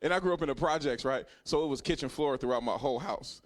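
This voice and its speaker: A man in his thirties doing a stand-up comedy set, telling a profane story that swings from hushed asides to loud punchlines. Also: mid-range voice, fast, hardly any pauses. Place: comedy club stage.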